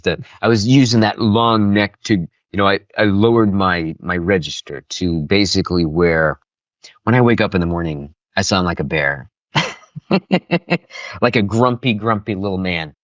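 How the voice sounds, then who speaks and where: A man with a lowish voice chats about his voice work as an interview guest, animated and expressive. The sound is dry and close. It has a somewhat dull, lo-fi quality. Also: normal speed, no echo. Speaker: voice actor guest. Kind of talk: casual interview chat.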